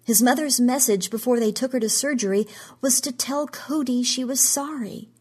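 A frightened, desperate woman pleads for answers, her husky voice pitched up and straining, as a woman reading a story gives her voice. She sounds anxious in a storybook reading. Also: moderate pace, a little mellow. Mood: distraught.

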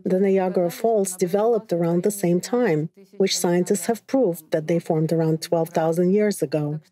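A woman's voice: lowish voice, fairly even intonation, normal speed, warm tone. A woman panel participant giving an informative prepared presentation.

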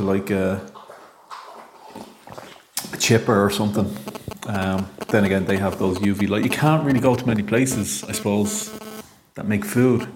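A man's voice: fairly low pitch, a little mellow, slight background noise. An Irish man in his thirties telling a rambling, jokey monologue, hesitant and full of ums. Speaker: monologue talker. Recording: echoey room.

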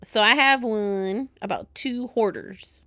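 A woman's voice: medium pitch, slow pace, fairly bright tone, no room sound. A woman with a Chicago accent co-hosting a podcast in casual, giggly chat, full of "like". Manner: giggly, chatty, lots of "like". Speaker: podcast co-host.

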